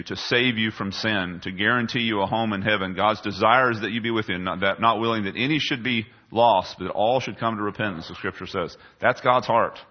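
Middle-aged male pastor, lowish voice, chatty sermon, muffled lo-fi recording. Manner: conversational preaching with questions to the congregation. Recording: dull lo-fi sound.

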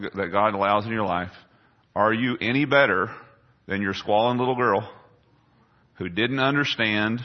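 A middle-aged man preaching a sermon in a conversational way, putting questions to the congregation. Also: medium pitch. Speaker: pastor. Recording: dull lo-fi sound.

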